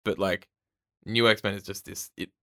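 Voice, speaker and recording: Lower-voiced man rambling happily about comics. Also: fairly even intonation, moderate pace, vocal fry, pushed and bright. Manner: enthusiastic, rambling, many restarts. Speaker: podcast co-host. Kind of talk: casual chat about comics.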